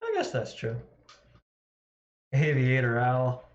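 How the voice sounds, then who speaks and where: A man talks to his live-stream viewers at an unhurried pace, rambling and mocking himself with frequent laughs. His voice sits in a roomy space, and the sound is dull and lo-fi. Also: medium pitch, wildly swooping pitch. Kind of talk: casual live-stream chat.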